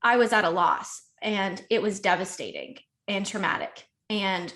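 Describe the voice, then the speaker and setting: A woman's voice: mid-range voice, fairly bright tone. Emotional woman telling a personal story. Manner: emotional, rushed, heavy use of "like". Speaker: podcast guest. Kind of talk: candid conversational storytelling.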